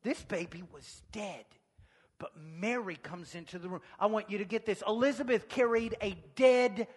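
High-voiced man preaching in a reverberant hall. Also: moderate pace. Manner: dynamic, swings from hushed to shouting. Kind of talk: sermon.

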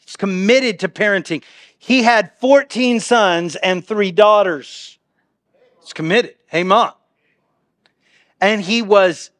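A man with a fairly high voice delivers a sermon from a church pulpit. He keeps it humorous and conversational, swinging between booming readings and hushed, quiet asides. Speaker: pastor. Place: church sanctuary.

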